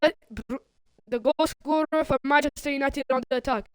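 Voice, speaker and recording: A woman streaming play-by-play commentary on a football video game, calling out players and breaking into sudden excited outbursts. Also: sits high, normal speed, dry recording, rough recording. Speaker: livestream commentator.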